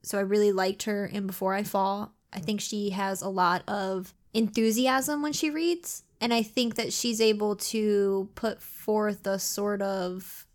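A woman's voice: mid-range voice, steady tone, unhurried, hardly any pauses. A woman in casual, playful conversation, chatting and bantering about an audiobook she enjoyed. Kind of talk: casual book review chat.

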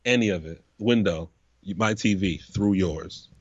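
A man co-hosting a casual podcast, talking in an animated, profane way and acting out scenes in quoted voices. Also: sits low, measured pace, husky, no room sound, highs cut off. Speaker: podcast co-host. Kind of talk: casual chat.

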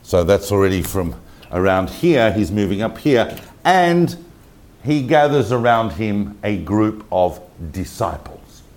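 A man with a fairly low voice gives an informal history lecture. He tells the story in a lively, conversational way, repeating himself now and then and turning to his listeners with asides. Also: slow, a little hiss or hum. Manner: animated storytelling with asides to the audience; conversational, with frequent fillers and repetitions.

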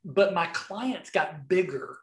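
Heard with a roomy sound, this middle-aged Southern man has a high-pitched voice and a slow pace. He's a video marketing coach on a podcast, giving a casual interview of rambling, animated stories and lots of restarts.

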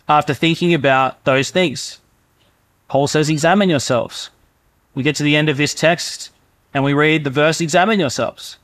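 A man preaching in a relaxed, conversational way, now and then slipping into the voices of inner thoughts. His voice sits a little high for a man. The sound is dry and close. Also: no echo. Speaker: pastor. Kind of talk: sermon.

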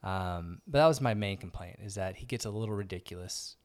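A man's voice: low-pitched, a little fast. A man co-hosting a podcast, joking and chatting casually in a movie review. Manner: joking, chatty, prone to asides. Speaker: podcast co-host.

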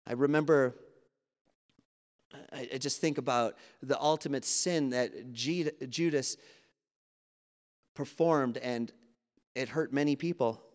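A man's voice: mid-range voice, slow, long pauses. A man preaching an earnest, conversational sermon, acting out quoted dialogue as he goes. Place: church sanctuary. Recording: long hall reverb.

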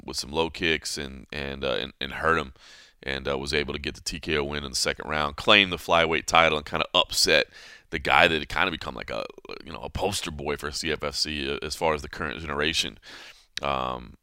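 A man hosting a podcast, telling a story in a casual, animated way, full of fillers like "man" and "you know", acting out the people he quotes. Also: a bass voice, brisk, smooth, no room sound, studio quality. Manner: animated storyteller who acts out quoted voices. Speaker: podcast host.

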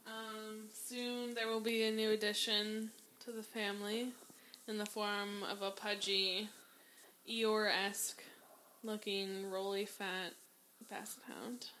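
Woman on a podcast, bright clear voice, laughs a lot, swears casually. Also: medium pitch, slow pace, a little hiss or hum, rough recording. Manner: animated, laughing, swears freely. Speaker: podcast co-host. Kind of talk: casual chat.

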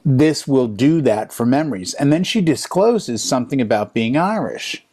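A man in his fifties, a DJ, telling a string of stories in a relaxed chat. His pitch sits in a middle range, and he gets animated as he acts out what other people said. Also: moderate pace. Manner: animated storyteller, voices other people's lines in quotes. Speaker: DJ and podcast co-host. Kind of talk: casual chat.

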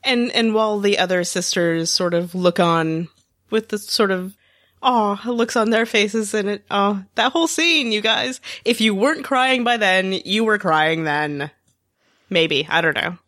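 A woman co-hosting a podcast in casual chat, expressive and rambling, often laughing. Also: mid-range voice, measured pace, no room sound, studio quality. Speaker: podcast co-host.

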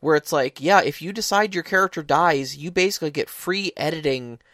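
A co-host in a casual chat about tabletop role-playing games, enthusiastic and halting with repeated words. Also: mid-range voice, fairly bright tone, no echo, studio quality. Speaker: tabletop game podcast co-host.

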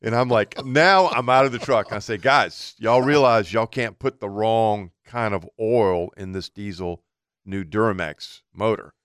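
A man's voice: fairly low pitch, unhurried, clear, resonant tone, dry recording, studio quality. A man co-hosting a radio talk show, telling a long story in a casual way and acting out what people said. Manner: animated anecdote teller acting out quotes.

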